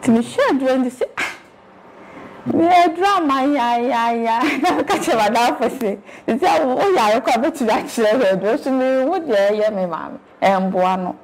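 Ghanaian mother as interview guest, slightly high voice, rambling and animated telling. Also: brisk, slight background noise. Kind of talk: casual storytelling.

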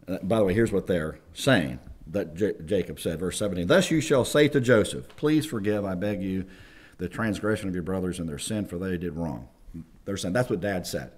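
A man preaching a chapel sermon, lively and acting out quoted voices. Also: deep voice, breathy edge. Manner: animated, acts out quoted voices. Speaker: chapel speaker. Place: college chapel.

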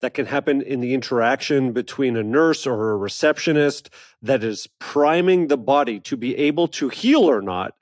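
A man's voice: medium pitch, lively intonation, moderate pace, no room sound, clean studio sound. A man with a Canadian accent co-hosting a podcast, playful and teasing in casual chat. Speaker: podcast co-host.

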